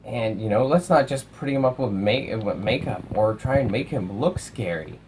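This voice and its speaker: A young man casually reviewing films, animated, swearing and acting out lines from movies. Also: fairly low pitch, moderate pace, a little hiss or hum, poor audio. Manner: animated, swears, acts out quotes. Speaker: film reviewer.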